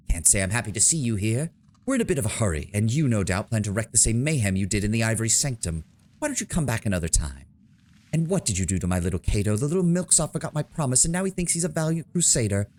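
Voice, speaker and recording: A man's voice: on the low side, sing-song, fast talker, a little mellow. A man reading a gloating cruel cultist woman. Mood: taunting. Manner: mocking, theatrical. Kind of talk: reading game dialogue aloud.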